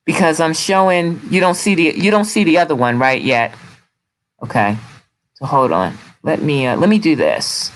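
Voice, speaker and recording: A man hosts a casual live chat over a video call. His speech is halting and distracted, with frequent restarts and pauses. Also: fairly high pitch, expressive, low-quality recording. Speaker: show host sharing his screen.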